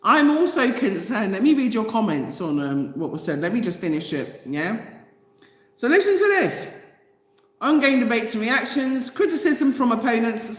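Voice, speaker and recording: A woman hosting a channel, reading out a news item and reacting with passionate, indignant commentary full of rhetorical questions. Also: mid-range voice. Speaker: channel host. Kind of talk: casual commentary. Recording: echoey room with long reverb.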